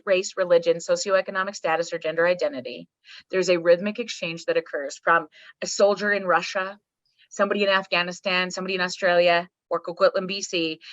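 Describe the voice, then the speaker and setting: A woman's voice: fairly low pitch, a bit bright, no room sound, dull audio. A woman psychologist guest talking emphatically on a podcast, swearing casually and checking in with "right?" and "okay". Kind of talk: energetic podcast conversation.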